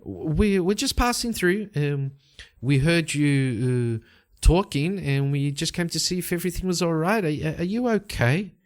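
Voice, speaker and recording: A man voicing a polite, friendly adventurer who chats warmly with a stranger. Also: fairly high pitch, animated, unhurried, pitched above the performer's own voice. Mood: concerned. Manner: friendly and talkative.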